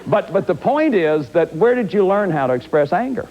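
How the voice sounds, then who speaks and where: Fifties male lecturer, high and lively voice, dull lo-fi recording. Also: moderate pace, some chatter behind. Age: 50s. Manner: animated, acts out examples, frequent restarts. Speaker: therapist and lecturer. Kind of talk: self-help lecture.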